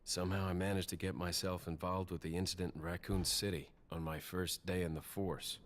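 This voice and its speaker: A terse young agent, voiced by a man answers in short, dry lines. His voice is very deep, and a faint noise sits behind it. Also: little pitch movement, fairly quick, lightly acted. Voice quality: dry, clipped.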